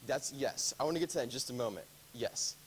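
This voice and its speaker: A man's voice: medium pitch, quick pace, a little hiss or hum, low-quality recording. A man teaching a Bible study class in a casual, conversational way, often asking the group questions.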